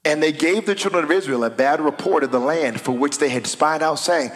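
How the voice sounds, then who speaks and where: A man preaching a sermon, reading scripture aloud and building to shouted declarations. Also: fairly high pitch, a little fast. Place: church sanctuary. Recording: long hall reverb.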